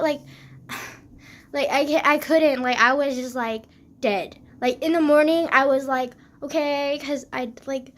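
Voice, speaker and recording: A woman's voice: high voice, fairly even intonation, a little slow, fairly bright tone. A teenage girl rambling casually while sick and congested, swearing often and filling with "like". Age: teens. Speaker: vlogger.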